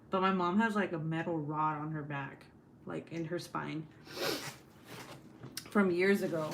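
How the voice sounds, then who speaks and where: A young woman hosting a casual livestream, reading chat and teasing her sister with loud, swearing jokes and frequent laughs. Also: fairly low pitch, a little hiss or hum. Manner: loud, joking, swears a lot, laughs often.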